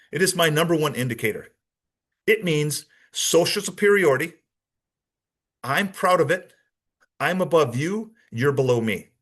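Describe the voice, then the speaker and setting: A man's voice: mid-range voice, a bit bright, husky. A man giving a training lecture with slides as a behavioral analysis trainer, conversational and demonstrative, often checking in with his audience.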